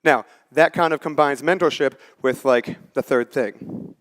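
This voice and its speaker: A man's voice: mid-range voice, a little slow, a bit bright. A man in his forties giving a conversational, story-driven talk on a conference stage and acting out the lines he quotes. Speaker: conference speaker. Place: conference stage before a live audience.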